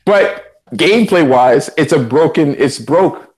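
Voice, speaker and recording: A man's voice: on the high side, animated, measured pace, darkish tone. A man co-hosting a gaming podcast, talking bluntly and profanely, often repeating himself. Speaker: podcast co-host. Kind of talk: casual gaming chat.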